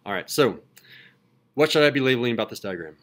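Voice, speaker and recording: A man's voice: mid-range voice, animated, fast talker. A man teaching math in a classroom, upbeat and joking, asking the class questions as he works through problems.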